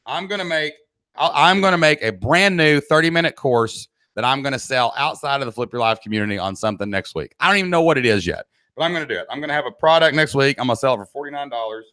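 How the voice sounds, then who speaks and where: Speaking quickly in a mid-range voice, this Southern-accented, middle-aged man coaches an online business class over a live stream. He's blunt and energetic, reading out chat questions and urging his audience to get moving. A cheap laptop desk mic captures him, yet the audio is studio quality with no room sound.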